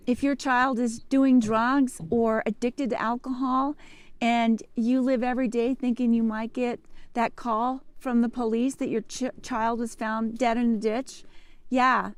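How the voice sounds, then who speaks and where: A woman speaking in a smooth, clear, fairly high voice, giving earnest advice with an insistent push. The recording is dry, with no echo. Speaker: advice video host. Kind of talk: advice talk.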